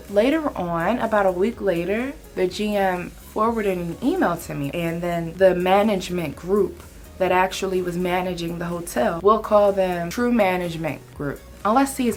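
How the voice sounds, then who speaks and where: A young woman telling a work story in a casual, chatty vlog. She acts out other people's lines as she goes. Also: lowish voice.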